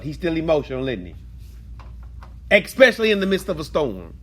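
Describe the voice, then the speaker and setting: Animated man leading Bible study. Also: fairly high pitch, a little fast. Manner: animated, repeats phrases, calls on students. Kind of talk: interactive group teaching.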